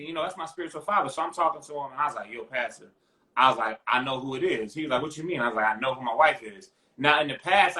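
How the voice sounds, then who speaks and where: A man, a podcast guest, telling his own story casually and mimicking the voices of people in it. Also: mid-range voice. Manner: expressive, mimics voices in stories. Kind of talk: casual testimony chat. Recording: echoey room.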